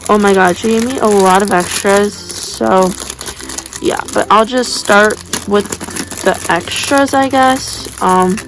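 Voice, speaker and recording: A young woman chatting casually as she unboxes squishy toys, gushing and gasping with excitement. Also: medium pitch, slow, noisy background. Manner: excitable, gushing, breathless gasps.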